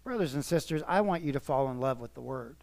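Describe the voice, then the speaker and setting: A male pastor preaching an earnest, emotional sermon, his voice swelling and dropping in volume and slowing to stress words. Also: medium pitch, animated, darkish tone, dry recording.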